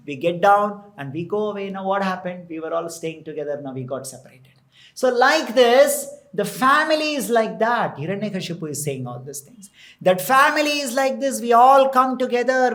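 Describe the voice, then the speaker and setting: A man with an Indian English accent, telling a scripture story as a temple preacher, with repeated phrases and Sanskrit words mixed in. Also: sits high.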